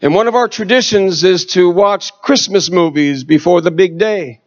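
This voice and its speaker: A middle-aged man preaching a testimony sermon, swinging from shouted exhortation to hushed storytelling. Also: high voice, moderate pace, highs cut off.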